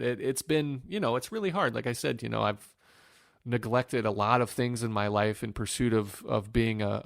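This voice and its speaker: A man, a former pro pitcher from Northwest Ohio, telling emotional stories in a podcast interview, with fillers and restarts. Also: gravelly, no room sound, studio quality. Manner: emotional, reflective storytelling with many fillers and restarts.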